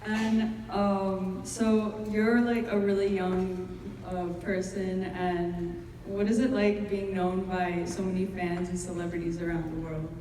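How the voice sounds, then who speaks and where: A woman fan hesitantly asking a question at a panel, with halting fillers. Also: fairly low pitch, little pitch movement, mellow, a little hiss or hum. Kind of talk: audience question. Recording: distant, echoey hall.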